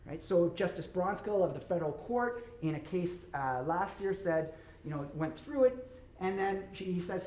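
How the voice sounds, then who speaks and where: A high, animated voice with a darkish tone and moderate pace belongs to a middle-aged law professor. He gives a conversational public lecture, checking in with his audience through frequent "right?".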